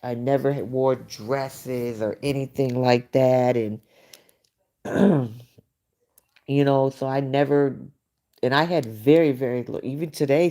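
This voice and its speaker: A middle-aged woman with a gravelly, mellow bass voice is hosting a late-night livestream. Blunt and chatty, she reacts to viewer comments in a casual way, with plenty of "you know" sprinkled in.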